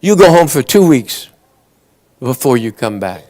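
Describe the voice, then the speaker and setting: A man with a Cajun Louisiana accent voicing an outraged female schoolteacher with a shrill, scolding delivery. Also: sing-song, unhurried, darkish tone.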